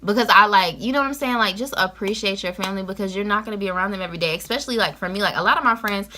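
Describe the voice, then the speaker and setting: A woman's voice: medium pitch, racing. A teenage girl from Georgia, giving casual advice in a vlog, talking straight to the camera. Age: late teens. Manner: lively, talks straight to camera, lots of "you know what I'm saying". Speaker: vlogger.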